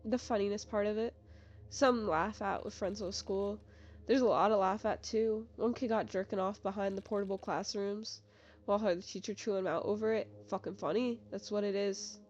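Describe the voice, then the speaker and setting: A woman's voice: mid-range voice, fairly even intonation, normal speed, a little mellow, close to an everyday voice. A woman voicing a boastful teenage boy bully soul in a game, talking crude and dismissive, in a slightly dull recording with game music behind. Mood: brash.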